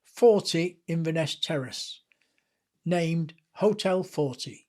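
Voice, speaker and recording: A man's voice: a little high, slow pace. Older Lancashire man telling anecdotes. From England. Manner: lively, chatty anecdotes with self-deprecating humour. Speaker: guest author. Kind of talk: anecdotal storytelling in a podcast interview.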